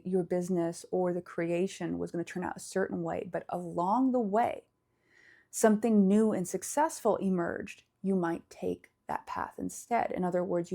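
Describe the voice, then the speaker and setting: A woman coaching on success and mindset in a slow, measured motivational monologue, repeating phrases and sometimes dropping into soft near-whispers. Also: fairly low pitch, creaky. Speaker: spiritual business coach.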